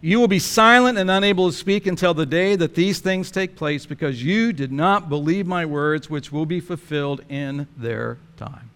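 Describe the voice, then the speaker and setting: A male preacher voicing the archangel Gabriel as a commanding, indignant male angel who makes booming, emphatic declarations. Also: moderate pace, hardly any pauses, a bit bright, smooth, big-room sound. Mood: exasperated.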